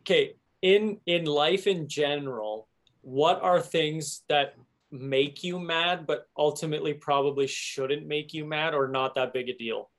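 A young man hosting a casual chat, telling an animated story and laughing at it. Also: on the high side, a little slow. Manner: animated storyteller, laughs at his own stories.

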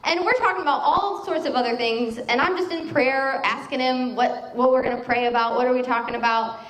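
A woman preaching a sermon in a conversational, animated way, telling stories and quoting scripture. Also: sits high, fairly quick, roomy sound, rough recording.

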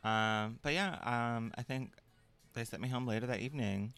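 A man's voice: mid-range voice, normal speed, gravelly, clean tone, soft background music. A young man, a podcast guest, chatting casually and telling a personal story with filler words. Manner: relaxed storytelling, mimics voices in quotes. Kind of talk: casual chat.

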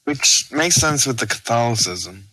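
Deadpan man with a bright voice. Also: mid-range voice, normal speed, dry recording, rough recording. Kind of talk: casual comedic chat.

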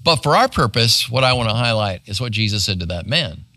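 Guy pastor teaching bible study, bright voice, bouncy pitch, chatty, keeps asking "right?". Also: lively intonation, fairly quick, no echo. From United States. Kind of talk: sermon.

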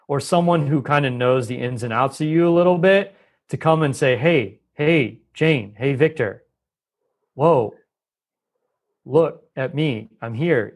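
A man on a podcast explaining health ideas at length, lively and talkative, often acting out quoted voices. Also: fairly high pitch. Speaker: guest expert on holistic health. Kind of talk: conversational podcast interview.

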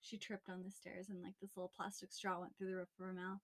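Bright-voiced young woman telling a story. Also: lowish voice, quick pace, slightly rough. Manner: animated, laughing, lots of "like" fillers. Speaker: podcast co-host. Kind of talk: casual storytelling chat. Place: small closet used as podcast studio.

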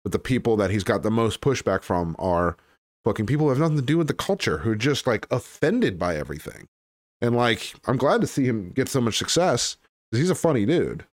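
A man's voice: mid-range voice, big pitch swings, fairly quick, dry recording, studio quality. A man hosting a podcast in casual chat, rambling and blunt, with frequent fillers and swearing. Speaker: podcast host.

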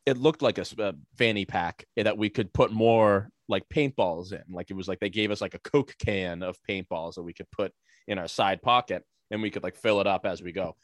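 A man's voice: on the low side, a little fast, no echo. A man on a casual podcast, telling a long rambling story full of fillers, profanity and sarcastic asides.

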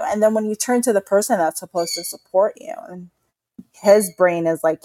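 Low-voiced mother telling her story. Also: steady tone, normal speed, dark tone, dry recording. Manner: emotional storytelling, acts out other people's remarks. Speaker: podcast co-host. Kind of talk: candid personal conversation.

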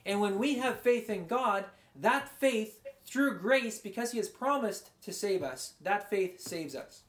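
A man giving a conversational, rambling sermon as a pastor, his voice going a bit hoarse. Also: high voice, lively intonation, a little slow, fairly bright tone, echoey room. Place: large room, speaking to a congregation far away.

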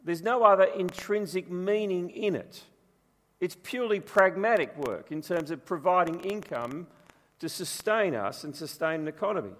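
A man's voice: sits high, animated, normal speed, a bit bright. A man preaching a sermon as pastor, telling stories in a chatty, humorous way. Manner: chatty storytelling with humour. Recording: long reverb from a large room.

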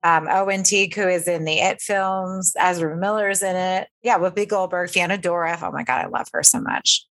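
Young woman co-host, somewhat low voice, loose chatty delivery with frequent laughs. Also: normal speed, hardly any pauses. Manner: animated, laughs often, trails off mid-sentence. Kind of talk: casual chat.

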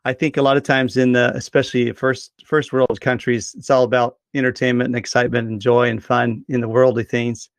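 A man's voice: mid-range voice, little pitch movement, a little fast, hardly any pauses, no echo. Earnest man in dry close recording. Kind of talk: casual Christian discussion.

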